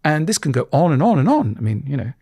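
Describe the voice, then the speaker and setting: A man talking as a podcast guest, explaining ideas in a conversational way. He stumbles and restarts often, and acts out little quoted scenes with big jumps in pitch. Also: big pitch swings, fast, dark tone, breathy edge, no room sound, clean studio sound. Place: podcast studio.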